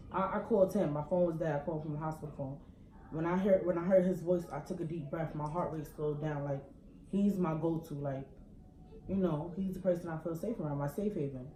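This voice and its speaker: A young woman tells a heated story in casual slang. Her voice sits low and mellow. The echoey room has a faint hum of noise behind her. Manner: heated, ranting, fast slang. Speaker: couple vlogger.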